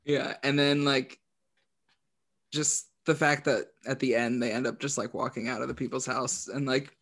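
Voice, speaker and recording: A man chatting casually as a podcast co-host, laughing as he retells scenes in quick quoted voices. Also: medium pitch, fairly even intonation, fairly bright tone. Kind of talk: casual chat.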